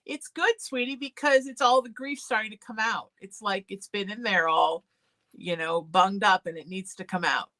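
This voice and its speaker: A woman's voice: mid-range voice, normal speed. A woman hosting a psychic call-in show, soothing callers and calling them sweetie. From Irish heritage. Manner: warm, soothing, calls people sweetie. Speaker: psychic medium show host. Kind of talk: call-in spiritual talk show.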